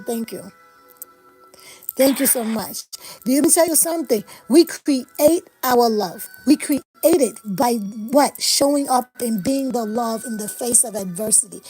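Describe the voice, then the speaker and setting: Woman, 50s, livestream host, high pitch, fervent affirmation-heavy delivery, faint music behind. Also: darkish tone, breathy edge, rough recording. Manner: impassioned, preacher-like cadence with repeated affirmations. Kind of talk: motivational livestream talk.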